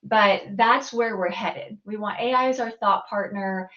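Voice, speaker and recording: A woman's voice: mid-range voice, a little slow, fairly bright tone, highs cut off. A woman hosting a live online training session, upbeat and chatty, often restarting her sentences as she explains. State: out of breath. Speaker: host. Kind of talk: live webinar presentation.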